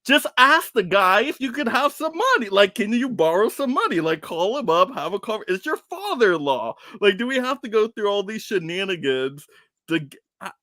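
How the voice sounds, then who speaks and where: A slightly high-voiced man talks through a film review in a casual online round table. He gets animated and exasperated as he picks the plot apart, and his voice sits close and dry with no room around it. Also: normal speed, no room sound. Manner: animated, exasperated ranting about plots. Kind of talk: casual video chat review.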